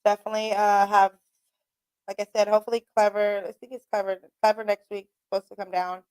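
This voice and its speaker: A woman's voice: medium pitch, little pitch movement, fast, a little mellow, clear, resonant tone. A woman, hosting a radio show and chatting casually on her own, rambling, swearing and laughing a lot. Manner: rambling, profane, laughs often. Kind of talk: casual solo chat. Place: radio studio.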